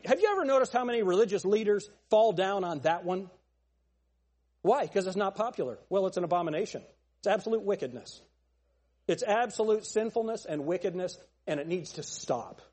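A man preaching a sermon as pastor, emphatic and pointed, asking the congregation rhetorical questions and building to shouts. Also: sits high, slightly rough.

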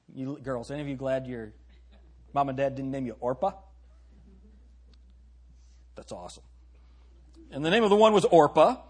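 A man's voice: a little high, slightly rough. A man preaching a sermon, reading old-style scripture aloud and breaking off for joking asides to the congregation.

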